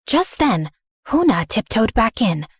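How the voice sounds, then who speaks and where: Higher-voiced woman narrating a story. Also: big pitch swings, a little slow, slightly rough, no room sound, clean studio sound. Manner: earnest, remorseful storytelling. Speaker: first-person narrator.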